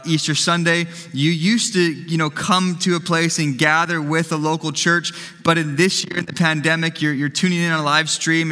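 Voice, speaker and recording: A lead pastor preaches and prays in a bright, somewhat high voice, earnest and conversational. His pitch stays fairly level, and his words ring out with a long hall reverb. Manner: earnest, conversational, frequent restarts. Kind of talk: sermon and prayer on a live stream.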